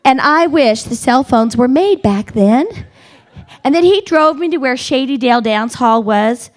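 A middle-aged woman telling a funny personal story to a live audience, animated and dramatic, building tension with repeated phrases. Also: measured pace. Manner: animated, dramatic, repetitive build-up with wailing high quotes. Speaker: speaker at a women's gathering.

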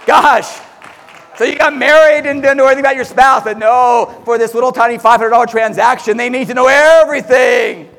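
Man, very high voice, motivational sales speaker, loud, excitable, long hall echo. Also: brisk. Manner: loud, excitable, acts out quotes. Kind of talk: energetic live stage talk. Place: large hall before an audience.

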